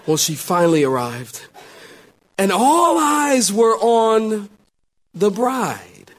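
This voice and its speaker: Animated, high-pitched preacher telling a story. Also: male voice, takes it slowly. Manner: storytelling with wide swings between loud exclamations and hushed asides. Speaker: pastor. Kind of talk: sermon.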